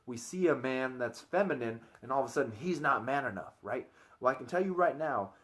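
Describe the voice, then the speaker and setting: A man's voice: mid-range voice, lively intonation, fairly quick, fairly bright tone. Chatty man in his thirties, opinionated. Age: 30s. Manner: chatty, keeps tagging lines with "right?"; earnest, opinionated, repeats himself while he thinks. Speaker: personal trainer vlogger. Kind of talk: casual vlog monologue.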